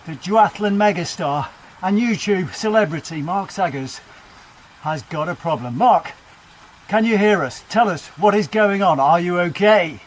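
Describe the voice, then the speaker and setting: An over-eager male news anchor with a mock-serious broadcast manner, as a man puts him on. The voice sits high, pushed up for the bit. Faint room noise hums in a home training room. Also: expressive, measured pace. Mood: urgent. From Britain.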